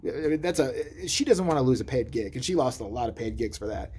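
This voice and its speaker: A man rattles off a casual comic monologue at a quick clip, his pitch sitting in an ordinary middle range. He jokes, rambles and keeps wandering off on tangents. A faint hum of noise sits behind him. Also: darkish tone. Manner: rambling, joking, drifts off on tangents. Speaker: vlogger. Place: adult store.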